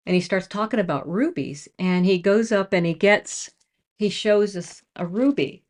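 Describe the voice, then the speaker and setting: A woman telling a personal faith testimony to her own camera, emotional and storytelling, growing excited as she goes. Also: medium pitch, moderate pace. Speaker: Christian speaker sharing a testimony.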